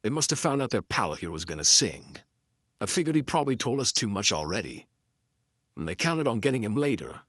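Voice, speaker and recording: A man voicing a wisecracking, contemptuous tough-guy detective in a pulp noir audiobook, gruff and given to chuckling. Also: mid-range voice, very animated, fairly quick, fairly bright tone, no echo, studio quality. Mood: wry.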